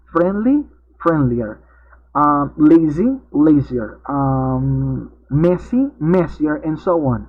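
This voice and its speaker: A man's voice: a little high, expressive, measured pace, husky. A male English teacher, patiently explaining grammar step by step in an online class. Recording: tinny narrowband video-call audio.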